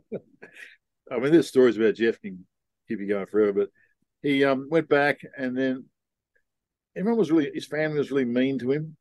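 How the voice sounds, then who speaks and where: An older man being interviewed, telling long rambling stories in a relaxed, casual way. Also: mid-range voice, normal speed, long pauses, no echo. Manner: laid-back rambling storyteller. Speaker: guest.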